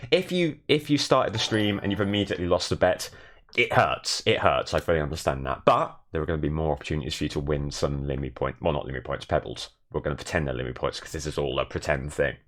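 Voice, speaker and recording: A young man streaming from his bedroom in a shared flat, chatting casually and self-deprecatingly and thanking viewers. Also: a bass voice, fast talker. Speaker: Twitch streamer. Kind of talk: casual live stream chat.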